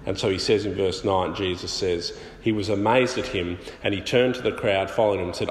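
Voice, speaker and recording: A man preaching a sermon in a conversational way, pausing often with fillers. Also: deep voice, fairly even intonation, a little hiss or hum. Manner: conversational, many filler pauses. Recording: echoey hall, faint ambience.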